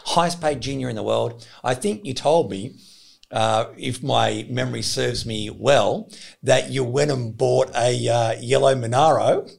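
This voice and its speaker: Very gravelly-voiced male podcast host. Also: mid-range voice. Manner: measured, reflective questioner with fillers. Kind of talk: casual podcast interview.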